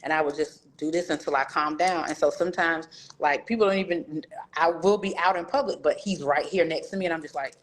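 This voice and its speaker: Lively woman guest telling her story. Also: sits low, a little fast, a little hiss or hum. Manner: animated storyteller, acts out quoted voices. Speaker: guest author. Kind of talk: candid interview talk.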